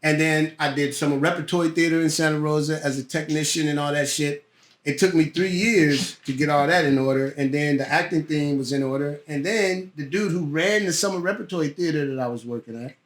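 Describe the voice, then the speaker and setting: Middle-aged man, guest actor, high-pitched, swearing freely, acts out his story, echoey room. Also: a little fast. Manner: profane, lively storyteller who acts out voices. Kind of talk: casual podcast storytelling. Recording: roomy echo.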